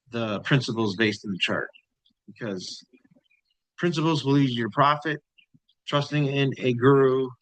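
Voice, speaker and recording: A man in a dry, close recording, speaking at an ordinary middle pitch. He talks loosely through charts, repeating words for emphasis and tossing in "right?" and "you know" as he goes. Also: fairly bright tone, dry recording, poor audio. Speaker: trading channel host. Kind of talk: casual chart commentary.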